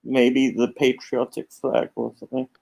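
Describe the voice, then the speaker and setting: A man joining a casual chat as a guest, talking in a relaxed, hesitant way. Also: medium pitch, moderate pace, vocal fry. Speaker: regular guest.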